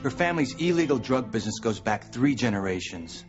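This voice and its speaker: Soap drama: actor as a blunt, dismissive federal agent, dull TV audio, faint music underneath. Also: male voice, mid-range voice, animated, fairly quick, close to an everyday voice. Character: gruff male federal drug agent, blunt and impatient. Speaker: soap opera character.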